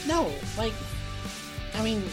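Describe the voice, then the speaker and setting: Playful lively woman player. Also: fairly high pitch, slow, over music, poor audio. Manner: playful and teasing. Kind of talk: casual game table chat.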